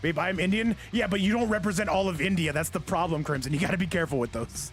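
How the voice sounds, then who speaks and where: Man, stream host, casual game commentary, joking and rambling, fairly high voice, faint music behind. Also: fast. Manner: joking, rambling, talks to chat.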